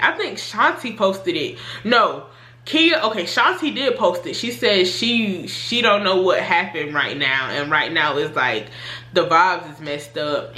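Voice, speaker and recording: Chatty young woman with a bright voice. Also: echoey room. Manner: animated retelling, voices her own past reactions with rising pitch. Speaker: storytime vlogger. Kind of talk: casual storytelling.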